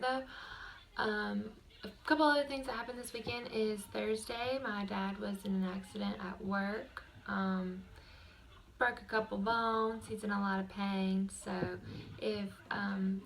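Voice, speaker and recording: Rambling young woman with a gravelly edge. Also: mid-range voice, a little hiss or hum. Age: young adult. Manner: chatty, rambling, with many fillers. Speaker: vlogger. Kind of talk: casual chat to camera. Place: bedroom.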